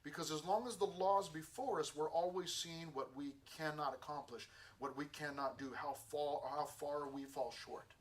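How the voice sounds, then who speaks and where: A man teaching a Bible lesson to a youth group in a casual, lively way, acting out the dialogue as he tells the story. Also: a little high, moderate pace, hardly any pauses. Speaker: youth pastor. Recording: distant mic with faint room ambience.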